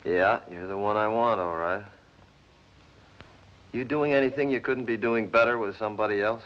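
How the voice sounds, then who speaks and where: An actor playing a world-weary 1950s film hero and narrating a trailer in a smooth dramatic voice, from an old film recording. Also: male voice, on the low side, moderate pace, natural voice. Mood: flirting. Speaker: trailer narrator and leading man. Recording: dull old film audio under music.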